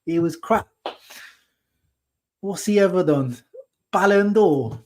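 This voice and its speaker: A man's voice: high-pitched, expressive, slow, voice pushed up. A man putting on a smug, mocking male English football fan who sneers at rival players. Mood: sneering. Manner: sneering, dismissive banter.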